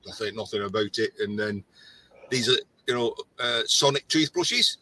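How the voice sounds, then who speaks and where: A man's voice: lowish voice, moderate pace, bright, forceful tone. A man chatting on a live video call, joking and self-deprecating. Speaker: regular guest. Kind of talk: casual live-stream chat.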